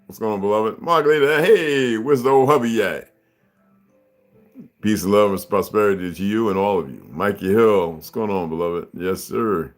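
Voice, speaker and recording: A man hosting a livestream, talking casually to his viewers in a rambling, preachy and profane way. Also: on the low side. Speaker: livestream host.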